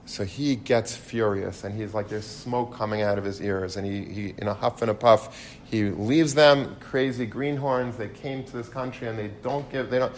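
A man giving an animated storytelling lecture, mixing in Hebrew and Yiddish terms. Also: fairly low pitch, moderate pace, few pauses, slight background noise.

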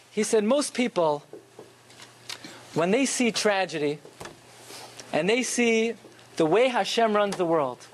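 A man giving a Torah lecture, telling stories with animated rhetorical questions. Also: high-pitched, a little hiss or hum. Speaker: Torah teacher.

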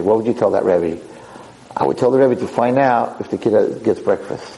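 A man's voice: medium pitch, expressive, brisk, dark tone, low-quality recording. A man, a rabbi and teacher, giving a storytelling lecture, acting out dialogue with emphatic repetition.

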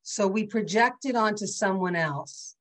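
A woman's voice: medium pitch, measured pace, a bit bright, low-quality recording. A woman giving a conversational lecture over a video call, often checking in with her listeners. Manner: chatty, often checks in with "right?" and "okay?". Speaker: teacher leading an online class.

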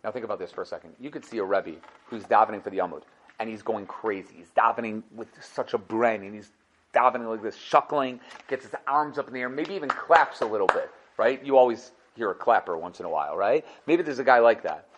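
Fast-talking man teaching Torah. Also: highs cut off. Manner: quick, lively, acts out quotes with big pitch jumps. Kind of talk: fast, animated Torah lesson.

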